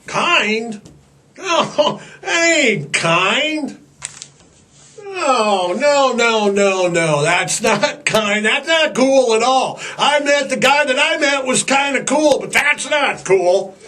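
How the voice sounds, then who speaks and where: A man's voice: very high-pitched, animated, slow, few pauses, bright, forceful tone. A man hosting a podcast in a rambling, irreverent comic monologue, profane and stammering over fillers. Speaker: podcast host.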